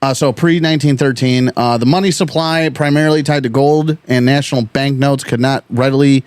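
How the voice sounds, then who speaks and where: A man's voice: medium pitch, steady tone, a little fast, darkish tone, clean tone, no room sound. A young man co-hosting a history podcast, chatting casually, swearing freely and reading from notes in stretches. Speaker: podcast co-host.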